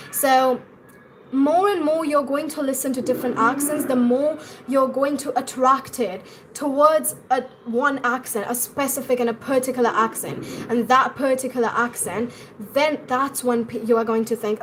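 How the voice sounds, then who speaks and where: A woman's voice: a little high, normal speed, a little hiss or hum. A young woman with an Indian English accent, teaching pronunciation on a live stream and answering viewers' comments as she goes.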